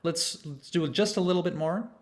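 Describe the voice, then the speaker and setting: A man's voice: on the high side, moderate pace. A young man in his twenties giving a conversational online presentation to a choir over a video call, explaining church music and leading chants. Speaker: conducting student presenting to a choir.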